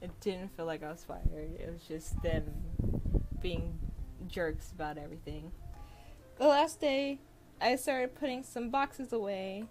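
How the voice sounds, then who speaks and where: A woman's voice: fairly low pitch, a little slow, poor audio. A young woman casually telling stories on a drawing stream, chatty and laughing often as she goes. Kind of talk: casual storytelling while drawing. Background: soft jazz music.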